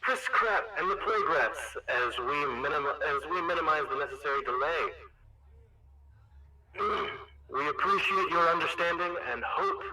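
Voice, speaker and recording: A man's voice: on the high side, lively intonation, moderate pace, heavy background noise, voice pushed up, lightly acted. A man doing a tiny pompous arena announcer. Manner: formal, grandiose announcing.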